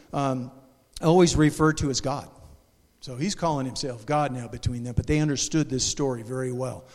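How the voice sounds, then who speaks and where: A man preaching a sermon as pastor in a church, animated and emotional, with restarts and sudden loud bursts. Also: on the high side, big-room sound. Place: church sanctuary.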